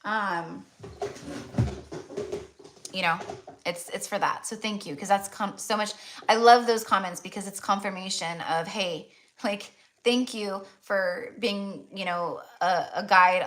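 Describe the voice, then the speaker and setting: A woman's voice: medium pitch, fairly bright tone. A woman hosting a live tarot reading stream, chatty and affectionate, talking with many fillers and checking in with "okay?".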